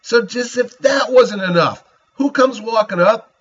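Middle-aged male podcast host, husky and a touch high, a chatty storyteller who voices everyone he talks about, muffled lo-fi sound. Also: unhurried. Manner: animated, acts out both sides of conversations. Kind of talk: casual storytelling. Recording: dull lo-fi recording.

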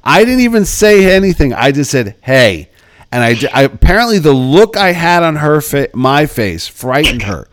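A man co-hosting a casual podcast, talking from his kitchen table in a blunt, self-mocking way and quick to joke. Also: fairly high pitch, sing-song. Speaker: podcast co-host and convention organizer.

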